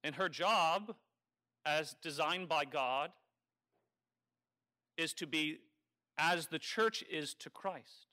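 Male priest, homily delivery, wry and conversational, bright and slightly high voice. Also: slow, pauses often. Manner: conversational and wry, teasing the congregation. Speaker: Catholic priest. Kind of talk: sermon.

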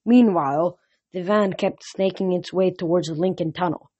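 A woman reading a novel aloud as storybook narration, in a steady, plain way with self-corrections. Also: on the low side, moderate pace, husky, no room sound. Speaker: reader. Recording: dull lo-fi recording.

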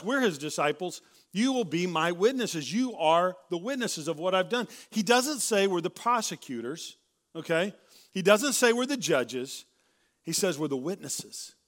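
A man preaching a sermon in a casual, conversational way, often tagging "right?" onto his points and restarting sentences, a little hoarse and clearing his throat. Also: high-pitched, fairly bright tone. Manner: conversational, keeps asking "right?", with many restarts. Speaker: pastor. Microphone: handheld or stage mic.

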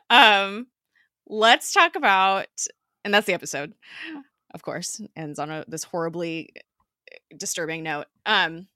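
Chatty woman recapping with bright, clear energy. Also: low voice, dry recording, studio quality. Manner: chatty, many fillers, animated retelling with quoted dialogue. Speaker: podcast co-host. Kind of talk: casual episode recap.

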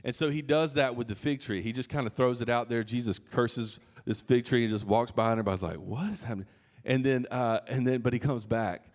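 A man's voice: mid-range voice, brisk, hardly any pauses, a little mellow. A man preaching a sermon in a casual, conversational way, with asides and restarts. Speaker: pastor.

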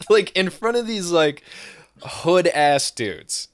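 A man's voice: high voice, big pitch swings, very slow, dry recording, studio quality. A young man tells a rambling, profane anecdote in casual podcast talk, full of fillers and "right?" tags, and he keeps breaking into laughter. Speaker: storyteller.

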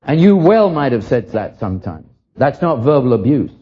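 An older man from England preaches in an earnest, reflective way and often stumbles over the first word of a line. His voice is husky and breathy, at an ordinary pitch. The recording is dull and lo-fi. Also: big pitch swings, normal speed. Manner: earnest, reflective, repeats words as he starts lines. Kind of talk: sermon.

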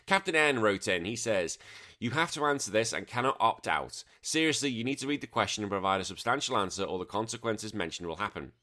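Low-voiced podcast host, rambling. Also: male voice, animated, pushed and bright. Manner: rambling, swearing, quick to laugh. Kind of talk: casual chatty podcast talk.

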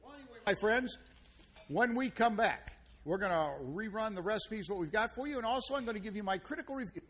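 Male radio host, high voice, folksy storyteller. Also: animated, fast talker, a bit bright. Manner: folksy storytelling with playful banter. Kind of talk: casual radio chat.

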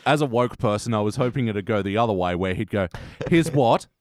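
Laughing man trading quick wisecracks. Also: fairly low pitch, a little mellow, dry recording, clean studio sound. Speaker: podcast co-host. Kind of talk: casual chat.

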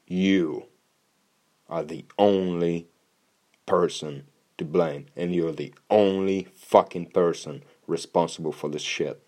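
This casual monologue comes from a young man whose low, darkish voice moves slowly with fairly even intonation. His style is blunt and tough-love, heavy on swearing, and he often repeats words when starting a thought.

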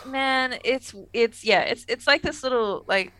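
A woman's voice: high voice, a little slow, sharp tone, smooth. A young woman chatting casually as a podcast co-host, laughing and trailing off mid-sentence. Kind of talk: casual chat recapping a TV episode.

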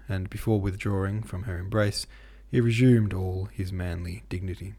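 A man hosting a podcast, reading a classic novel aloud in a steady, measured way. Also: low-pitched. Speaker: podcast host and reader.

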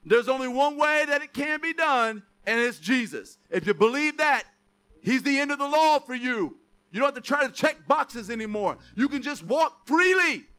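A man's voice: extremely high pitch, expressive, normal speed, sharp tone. A man preaching a sermon to a congregation, emphatic, often asking rhetorical questions. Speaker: pastor.

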